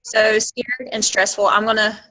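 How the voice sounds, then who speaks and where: A woman with an Alabama accent gives an earnest pep talk to a team over a conference call. Her voice is bright and forceful and sits a little high. She drives her points home with emphasis. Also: flat delivery, measured pace, low-quality recording. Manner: earnest, emphatic, acts out quoted exchanges. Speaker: guest speaker on a team coaching call. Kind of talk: motivational talk. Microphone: phone or computer on a conference call.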